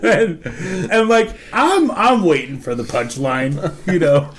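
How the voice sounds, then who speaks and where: Man in his thirties, lively laugh-filled storyteller, slow delivery, faint hiss. Podcast host. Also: a little high. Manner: profane, laughing anecdote-telling. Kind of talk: storytelling in casual chat.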